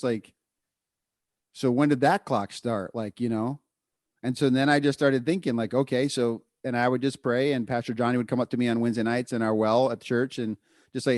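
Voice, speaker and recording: A man co-hosting a podcast, telling a candid personal story in casual chat, full of fillers and quick asides. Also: mid-range voice, fairly even intonation, darkish tone, dry recording, studio quality. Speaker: podcast co-host.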